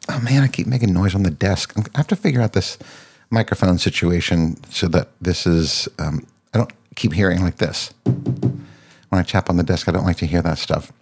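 A man hosting a podcast, casually demoing his gear into a boom-arm microphone at his desk. He rambles, breaks off mid-sentence and searches for words. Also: moderate pace, a little mellow, slightly rough. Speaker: podcast host. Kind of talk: casual gear demo chat. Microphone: dynamic mic on a boom arm.

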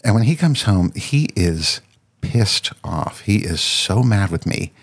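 A man with a very low, gravelly voice hosts a solo podcast. He tells a long personal story in a casual, meandering way, circling back and restarting his sentences as he goes. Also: expressive, slow pace. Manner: rambling, with frequent restarts. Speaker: podcast host.

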